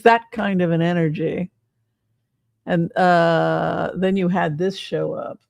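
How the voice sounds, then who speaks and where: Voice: medium pitch, steady tone, slow pace, creaky, dry recording. An older tarot reader giving a casual reading, rambling and sarcastic, swearing freely.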